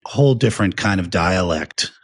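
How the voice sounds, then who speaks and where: A middle-aged American man with a fairly low voice, easygoing and chatty as a co-host. The recording is dry and close. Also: lively intonation, normal speed, husky, no room sound. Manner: easygoing, wraps up segments and promotes the channel. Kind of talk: casual chat.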